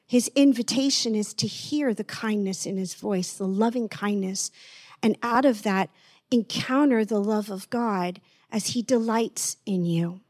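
A woman preaching gently in an online sermon, slowing down to stress words and dropping almost to a whisper. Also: medium pitch, no room sound, studio quality. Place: online church service.

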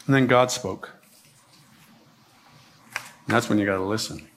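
A man preaching a first-person dramatic monologue as a resentful, self-pitying male biblical prophet, dramatic, swinging from hushed pleading to shouting. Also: on the low side, unhurried.

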